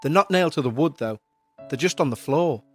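A man's voice: on the high side, lively intonation, fairly quick, faint music behind, natural voice. A man voicing a reassuring, matter-of-fact elderly grandfather.

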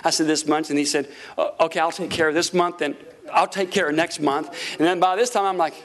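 A man preaching a sermon, telling a story with lively acted-out quotes and frequent laughter. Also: fairly high pitch, fairly quick. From Florida. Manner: animated, acts out quotes, laughs often. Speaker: pastor.

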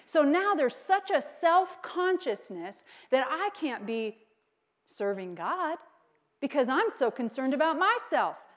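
Woman pastor preaching with animated storytelling. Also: sits high, slow. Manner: animated storytelling, acting out quotes, frequent laughter. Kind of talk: sermon with personal story.

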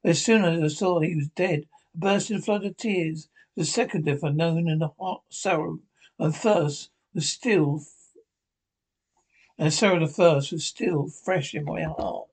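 A man's voice: fairly high pitch, measured pace, slightly rough. A man reading a novel aloud as narrator, stumbling and restarting often. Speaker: audiobook narrator.

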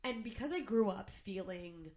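A woman's voice: mid-range voice, lively intonation, normal speed, a little mellow. A woman comedian talking candidly on a podcast, rambling with lots of filler words and swearing.

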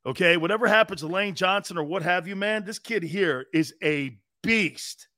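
A man's voice: sits high, normal speed, pushed and bright, no room sound, clean studio sound. Brash, profane man hosting sports talk. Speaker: sports show host.

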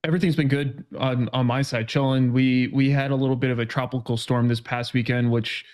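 Guest expert, man, mid-pitched, relaxed and jokey, casual podcast talk. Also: brisk. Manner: laid-back, joking, swears casually. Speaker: options trading guest expert.

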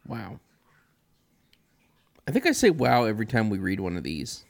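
A man's voice: on the low side, sing-song, moderate pace, gravelly. A man co-hosting a podcast, cracking dry jokes and teasing his co-host in casual chat.

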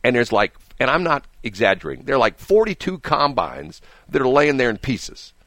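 A man's voice: medium pitch, very animated, normal speed, fairly bright tone, dry recording. A man hosting a radio morning show, telling rambling, jokey stories in casual on-air banter and often repeating his words. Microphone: studio microphone.

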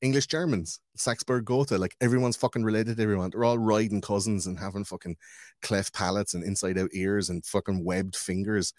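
A man with a fairly low voice rambles through casual podcast chat. He swears freely and talks in an animated way, and the sound is dry and close. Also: a little fast, no echo.

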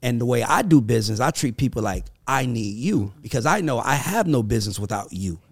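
A man's voice: animated, a little fast, no echo. A man with a Southern accent from the American South, co-hosting a podcast in casual, emphatic chat. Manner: emphatic, storytelling, swings between low and high. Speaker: podcast co-host.

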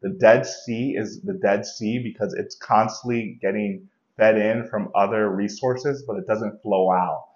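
A man with a somewhat low voice gives a reflective, motivational solo talk. He speaks conversationally, restarting his phrases. The recording sounds a little dull and lo-fi. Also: fairly even intonation, measured pace, few pauses, darkish tone. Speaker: podcast host.

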